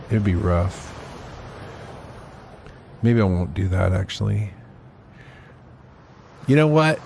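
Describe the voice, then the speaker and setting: A man's voice: deep voice, vocal fry, a little mellow, a little hiss or hum. A man in his forties hosting a podcast, rambling in a casual, profane, self-mocking way into a mic held close in front of his face. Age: 40s. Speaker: podcast host.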